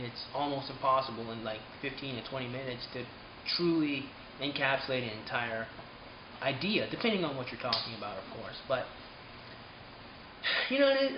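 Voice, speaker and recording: A man hosting his own channel, talking to his viewers in a loose, unscripted rant. His voice swings widely in pitch, flaring hot and then dropping quiet, with plenty of swearing. The recording is roomy and a little muffled, with a faint hum behind him. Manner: animated, swings between heated outbursts and quiet asides, swears freely. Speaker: channel host. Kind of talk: casual direct-to-camera vlog rant.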